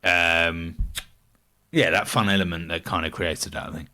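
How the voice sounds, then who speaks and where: British young man, podcast co-host, low bright voice, easygoing and halting. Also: fairly even intonation. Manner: easygoing, hesitant, with many fillers. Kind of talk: casual chat.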